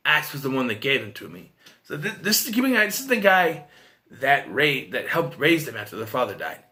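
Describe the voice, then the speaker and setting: A man's voice: mid-range voice, very animated, moderate pace, bright, forceful tone. A man giving a casual, rambling film review, retelling scenes and quoting characters, with frequent restarts and fillers. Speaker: movie reviewer.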